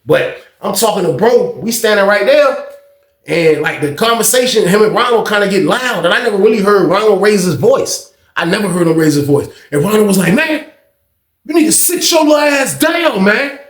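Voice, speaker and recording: A man's voice: sits high, brisk, reverberant. A man in his thirties casually telling a story, full of slang and "like" and "man". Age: 30s.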